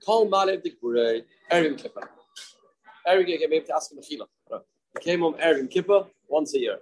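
Man, Talmud teacher, repeats phrases, story-driven lesson, somewhat high pitch. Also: animated, fairly quick, rough recording. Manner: storytelling, repeats phrases, mixes in Hebrew and Yiddish terms. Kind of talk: daily Talmud class.

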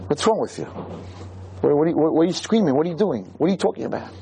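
A man's voice: on the high side, expressive, fast talker, creaky, mellow, husky, dry recording, exaggerated voice. A man voicing an indignant French woman tour guide who scolds rude visitors. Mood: exasperated. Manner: exasperated scolding.

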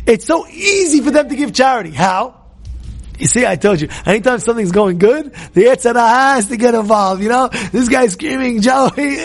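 High-voiced man preaching with emphatic shouts. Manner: emphatic, repeats words, often shouts. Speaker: rabbi giving a lecture. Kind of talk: impassioned Torah talk.

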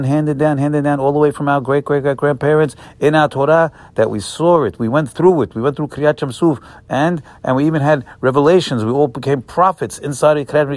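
Guy giving a torah class, folksy and emphatic, keeps repeating himself, mid pitch. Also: no echo. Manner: repetitive, emphatic, folksy, with Hebrew terms. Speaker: rabbi teaching a Torah class. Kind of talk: sermon-style Torah lecture.

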